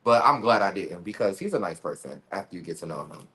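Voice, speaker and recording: A man's voice: sits low, lively intonation, quick pace, a bit bright. A man talking as a guest in a casual interview, blunt and candid, laughing often and using slang. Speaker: reality show cast member, guest.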